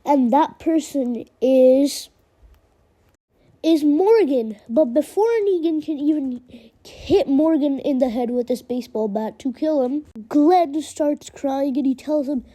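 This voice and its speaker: High-voiced woman retelling a story. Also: slow pace, warm tone. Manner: plain, run-on telling with many "and then". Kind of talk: casual story narration of a fan retelling.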